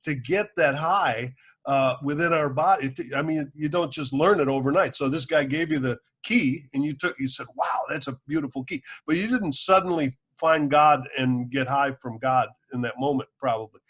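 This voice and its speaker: A man hosting a casual podcast interview, relaxed and joking, explaining ideas in plain terms. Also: fairly high pitch, normal speed. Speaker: podcast host, doctor.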